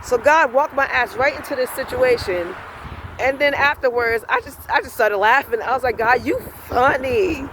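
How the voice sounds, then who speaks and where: High-voiced man ranting profanely outdoors. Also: moderate pace, slight background noise, rough recording. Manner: animated, profane, acts out both sides of an argument. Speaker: self-styled spiritual vlogger. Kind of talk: casual storytelling rant.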